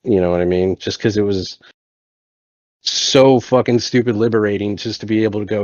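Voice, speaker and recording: A man's voice: fairly low pitch, steady tone, moderate pace, darkish tone, no room sound. A man chatting casually as a podcast guest, telling stories in a blunt, profane, emphatic way. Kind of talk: casual chat. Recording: dull, dry lo-fi sound.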